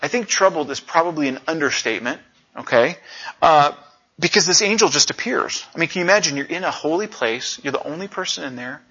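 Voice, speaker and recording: A middle-aged man preaching a conversational sermon, telling stories and acting out quotes with animated energy. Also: a little high, brisk, breathy edge. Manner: animated storyteller, acts out quotes. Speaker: pastor. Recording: dull lo-fi recording.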